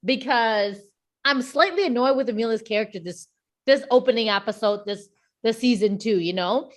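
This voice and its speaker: Higher-pitched laughing woman co-host. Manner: laughs often, quick asides. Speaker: podcast co-host. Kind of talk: casual chat.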